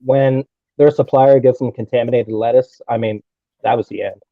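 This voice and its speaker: A man's voice: mid-range voice, steady tone, normal speed, no room sound, narrow, tinny audio. A man chatting casually, blunt and opinionated, swearing freely. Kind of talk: casual chat.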